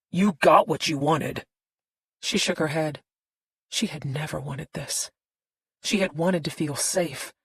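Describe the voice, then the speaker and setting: A woman narrating a thriller audiobook in a tense, steady storytelling manner. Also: deep voice, husky, no echo, rough recording.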